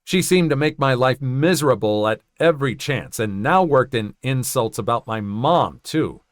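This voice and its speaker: A man's voice: mid-range voice, expressive, normal speed, no echo, studio quality. A man narrating a first-person story in a conversational way, with joking asides.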